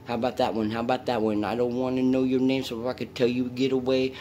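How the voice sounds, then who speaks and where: A man's voice: medium pitch, completely flat delivery, quick pace, warm tone, lo-fi sound, a little hiss or hum. A man vlogging in a rambling, profane way, coaxing and talking to an unseen presence and his dog.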